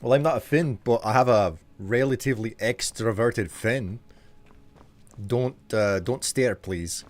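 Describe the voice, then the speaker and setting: A man streaming a game live, chatting and joking as he reacts out loud to what happens in it. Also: mid-range voice, measured pace, soft background music. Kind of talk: live gameplay commentary.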